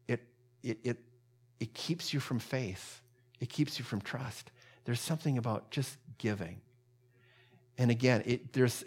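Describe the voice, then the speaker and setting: Man preaching in a conversational way. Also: medium pitch. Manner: conversational, repeats and restarts, rises in emphasis. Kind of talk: sermon.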